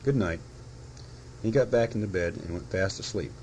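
A man reading a children's storybook aloud in a gentle, unhurried way. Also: sits low, a little hiss or hum, rough recording.

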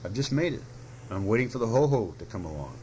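A man voicing a timid, anxious little male piglet who speaks quickly and squeakily in a storybook reading. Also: big pitch swings, a little mellow, a little hiss or hum. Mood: flustered.

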